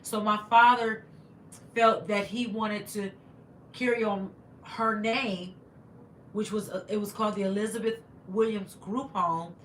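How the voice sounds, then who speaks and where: A slightly congested woman hosts a casual livestream from an echoey room, reading out viewer comments and thanking people over and over. Her voice is medium-pitched and fairly bright, with a little hiss or hum in the background.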